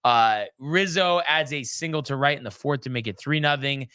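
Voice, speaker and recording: Bright, crisp male sports host. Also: medium pitch, normal speed, no room sound. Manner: loose and chatty, many ums and restarts. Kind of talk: casual sports recap chat.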